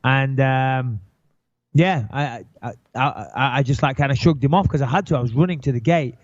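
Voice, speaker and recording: A man's voice: medium pitch, normal speed, highs cut off. A middle-aged man and podcast co-host telling stories in a rambling, profane, self-deprecating way. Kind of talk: casual storytelling chat.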